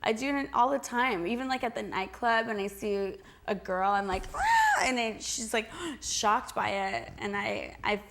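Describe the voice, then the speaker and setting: A woman's voice: mid-range voice, animated, moderate pace, hardly any pauses, a bit bright. Chatty, giggly young woman. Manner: chatty, lots of "like" and restarts, giggly. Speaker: interview guest. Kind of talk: casual interview answers.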